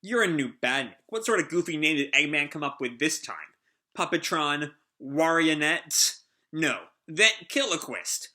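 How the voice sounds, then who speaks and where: A man's voice: a little high, big pitch swings, a little slow, sharp tone, heavily acted. A man reading the lines of a cocky young male hedgehog hero in a flippant, joking way. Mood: teasing.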